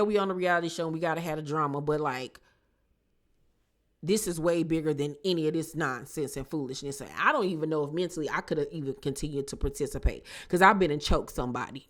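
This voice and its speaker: A woman's voice: sits low, brisk. A woman casually recapping a reality show on her channel, chatty and slangy, acting out what people said. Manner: animated, chatty, slangy, acts out quotes.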